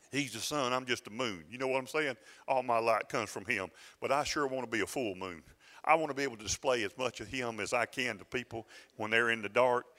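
An older man, preaching a sermon as a pastor in a conversational, storytelling way, often halting and restarting his sentences. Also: medium pitch, pushed and bright. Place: church sanctuary. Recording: reverberant church hall.

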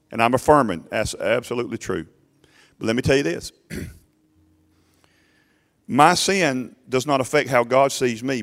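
A male pastor preaching a sermon emphatically to his congregation, often urging them to listen, his voice swelling loud and falling low. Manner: emphatic preaching, rising and dropping sharply in loudness; addresses congregation directly with repeated "listen".

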